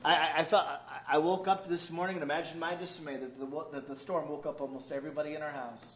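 A pastor with a high voice delivers a sermon full of humor, slipping into quoted voices to act out small scenes. The sound is roomy and a little dull and lo-fi, as if captured in a church hall. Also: male voice, steady tone, quick pace.

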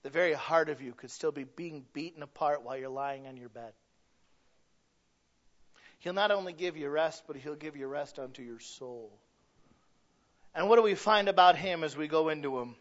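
A man's voice: on the high side, moderate pace, long pauses, fairly bright tone, lo-fi sound. A man preaching a sermon in a conversational way, asking the congregation questions and acting out little quoted voices. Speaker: pastor.

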